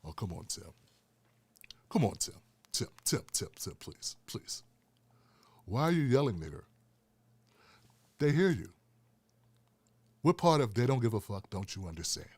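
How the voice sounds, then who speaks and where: A man imitating the ghost of an elderly male comedian, speaking low and hushed as he scolds wearily. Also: sing-song, slightly rough, dry recording, full character voice. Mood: weary scolding. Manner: low, hushed, drawn-out pleading.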